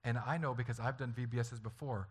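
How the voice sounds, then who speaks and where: A man's voice: mid-range voice, steady tone, fast talker, breathy edge. A man preaching a sermon as a pastor, talking earnestly and conversationally and acting out stories from family life.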